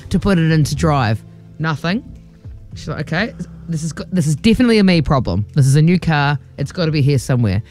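A woman's voice: deep voice, animated, fast, a little mellow, soft background music. A woman, co-hosting a radio show and telling a story with acted-out quotes. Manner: chatty storyteller, acts out quotes. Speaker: radio co-host. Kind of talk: casual radio chat.

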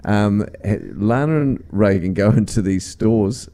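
A man's voice: fairly low pitch, measured pace, dark tone. A man hosting a breakfast radio show, teasing his co-host and laughing often. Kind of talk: casual radio banter.

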